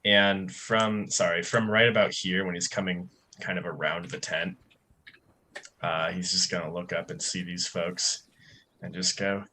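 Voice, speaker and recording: A man's voice: sits low, level tone, measured pace, bright, forceful tone. A man playing a tabletop game, talking in a casual, hesitant way. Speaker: player.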